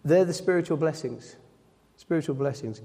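A man's voice: a little high, normal speed, mellow. A man preaching a sermon, reading scripture aloud and then explaining it, often repeating his phrases and correcting himself. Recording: long hall reverb.

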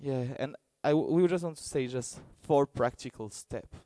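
Male preacher, earnest and halting, dry close sound. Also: mid-range voice, no room sound. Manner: halting, searching for words, earnest; gets excited and loud in bursts. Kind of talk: sermon.

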